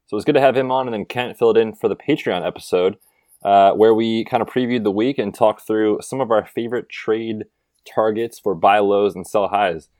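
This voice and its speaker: A man with a fairly low voice co-hosts a sports podcast, keeping things upbeat and conversational. He talks casually into a close mic. The sound is dry, with no room echo. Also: brisk, darkish tone. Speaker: podcast co-host.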